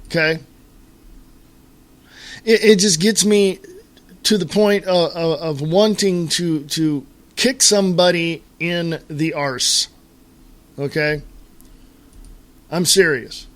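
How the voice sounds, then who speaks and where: A man hosting a solo talk radio show rants to his listeners in an exasperated way, halting with lots of fillers and repeated restarts. His voice is a little high and a bit bright.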